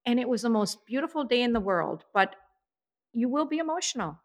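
A woman's voice: fairly high pitch, expressive, brisk. A woman in casual chat as podcast co-host, telling stories about her daughter's wedding in an emotional, chatty way, recorded in an apartment. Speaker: podcast co-host, mother of the bride.

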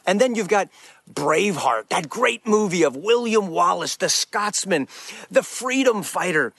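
Earnest high-voiced man preaching. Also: animated, unhurried, creaky, a bit bright, husky, dry recording. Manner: earnest and emphatic, with many restarts. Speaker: Christian speaker. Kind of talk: preaching talk to camera.

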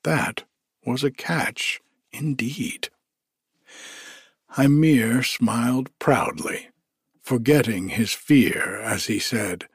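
Very slow gravelly male storyteller. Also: medium pitch, lively intonation, dry recording, studio quality. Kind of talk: storybook read-aloud.

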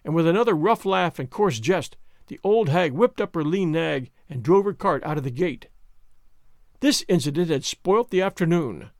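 Lively, dry-voiced male narrator. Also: on the high side, normal speed, no room sound. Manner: expressive, dramatic reading. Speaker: audiobook narrator and podcast host. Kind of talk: scripted narration.

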